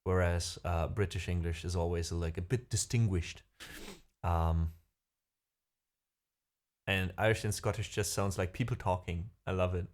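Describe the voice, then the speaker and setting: A young man chats loosely to his livestream viewers. He rambles, pauses on fillers and restarts his sentences as he thinks aloud, speaking into a desk mic at home. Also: low voice, fairly even intonation. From Germany. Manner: rambling, hesitant, many fillers. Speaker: livestream host. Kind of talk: casual chat with viewers. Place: home room.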